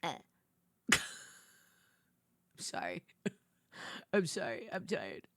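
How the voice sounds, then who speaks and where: A woman's voice: fairly low pitch, sing-song, drawn-out words, gravelly, fairly bright tone, dry recording, studio quality. A woman hosting a casual late-night livestream, chatty and giggly, greeting viewers and playfully sassy. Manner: giggly, chatty, reads and answers chat. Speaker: livestream host.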